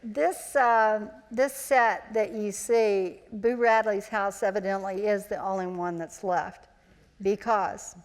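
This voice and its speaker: Sixties woman, mid-pitched, animated anecdotal storyteller, live auditorium with long reverb. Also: slow pace. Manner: chatty, animated, acts out quoted voices. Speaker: interview guest, former child actor. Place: large auditorium, live event.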